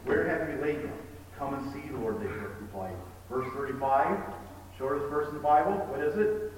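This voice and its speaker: A man preaching a sermon, telling stories with animated emphasis and reading scripture aloud. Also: medium pitch, normal speed. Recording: echoey hall, distant mic with faint ambience.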